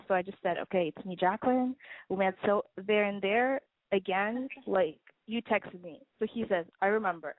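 A woman's voice: medium pitch, moderate pace, no room sound. A woman in her twenties calling in to a radio show, telling a rambling story full of "like"s. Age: 20s. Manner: rambling, chatty storytelling with many "like"s. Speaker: caller. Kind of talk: call-in story. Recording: dry, tinny phone line.

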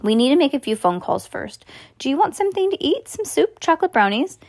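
A woman reading the lines of a gentle, patient mother in a storybook. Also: sits high, big pitch swings, a little fast, no room sound, studio quality, voice pushed up. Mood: bright.

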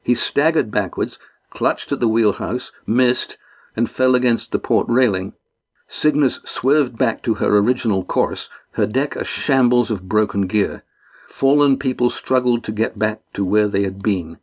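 A man reading a novel chapter aloud as narrator, in a measured, dramatic storytelling manner. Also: fairly low pitch. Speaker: audiobook narrator. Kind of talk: scripted narration.

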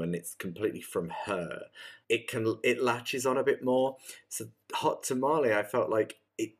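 A young man co-hosting a podcast in casual chat, rambling and correcting himself mid-sentence, animated when he quotes someone. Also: lowish voice, breathy edge. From United Kingdom. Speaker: podcast co-host.

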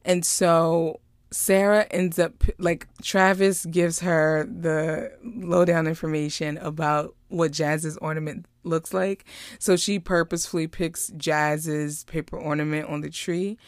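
A woman casually recapping a movie, chatty and animated, drifting into personal stories. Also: low-pitched, slow pace, dry recording, studio quality. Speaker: vlogger reviewing a movie.

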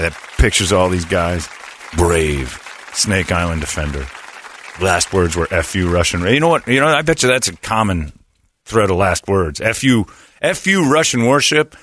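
A man's voice: deep voice, normal speed, a bit bright. A man hosting a morning radio show, wisecracking and laughing often as he jokes with his co-hosts. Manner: wisecracking, laughs often, slips into mock voices. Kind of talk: joking morning radio banter. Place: radio studio. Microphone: studio microphone.

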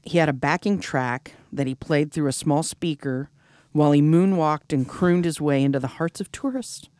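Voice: mid-range voice, normal speed, a little mellow, no room sound, clean studio sound. A podcast host telling a gossip story in casual comedic chat, with sarcastic asides and frequent giggles.

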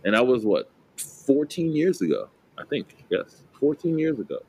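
This late-twenties podcast co-host from New Jersey has a mid-range, dark voice with big pitch swings and speaks at normal speed. His casual chat rambles with many fillers and restarts and lots of laughter, and the rough recording carries slight background noise.

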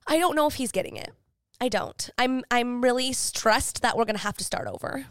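A woman's voice: a little high, fairly quick, smooth, no room sound, clean studio sound. A young woman co-hosting a podcast in casual, emphatic chat. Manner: chatty, emphatic, exaggerating for effect. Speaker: podcast co-host.

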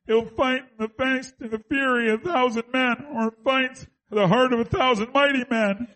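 A high, nasal voice, squeezed through a plugged nose, as a man puts it on for laughs. He recites his lines in slow, earnest drama. It plays like a mock-serious radio bit. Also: steady tone, bright, forceful tone, rough recording. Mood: mock dramatic. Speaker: radio show co-host. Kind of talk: comic impression on a radio show.

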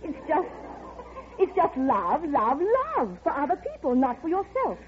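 A gushing, flighty society lady who talks in effusive, breathless rushes. Her voice sits high and swoops all over the place. The sound is dull, like an old radio broadcast. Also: very animated, background noise. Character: gushing flighty rich society woman, middle-aged. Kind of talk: 1930s radio acting.

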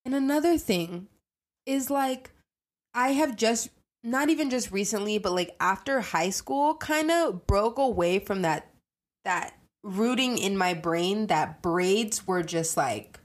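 A woman's voice: medium pitch, animated, slow. A young adult woman hosting a casual monologue podcast, ranting animatedly and swearing freely. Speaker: podcast host.

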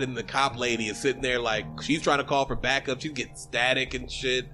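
Soft music plays behind a man with a medium-pitched, brisk voice as he casually recaps a film in chat as a podcast co-host. Animated and profane, he swears freely and acts out the characters' lines.

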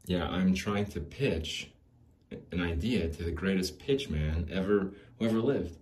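A man's voice: sits low, expressive, measured pace, darkish tone. A man in his forties hosting a podcast, talking in a rambling, jokey monologue and laughing often. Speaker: podcast host.

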